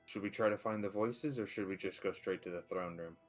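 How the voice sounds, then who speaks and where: A man's voice: low-pitched, brisk, faint music behind. A man playing in a tabletop fantasy game, chatting casually and offhandedly. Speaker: player.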